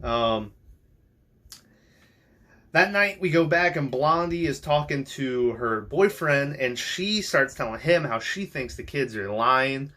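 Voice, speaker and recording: A man's voice: mid-range voice, animated, slow pace, sharp tone. A man hosting a podcast, recapping a film in a casual, rambling way, swearing freely and filling gaps with ums and likes. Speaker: podcast host.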